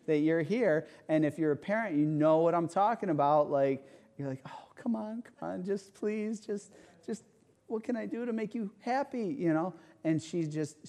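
A man preaching a conversational sermon, telling a personal story with animated rhetorical asides. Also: mid-range voice. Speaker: pastor.

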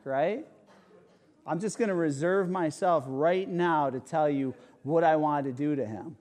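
Male pastor, mellow tone, chatty storytelling sermon with lots of asides. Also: fairly high pitch, unhurried. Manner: animated storytelling, rhetorical asides. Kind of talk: conversational sermon with personal story.

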